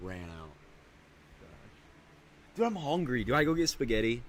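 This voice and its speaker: A young man streaming casually, rambling in slang and breaking into loud high yells. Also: sing-song, measured pace. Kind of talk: casual live-stream chat.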